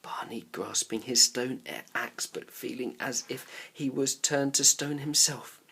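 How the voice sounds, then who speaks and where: A male teacher reading a children's novel aloud with expressive delivery, dropping to a whisper at tense moments. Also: mid-range voice, measured pace, vocal fry, husky.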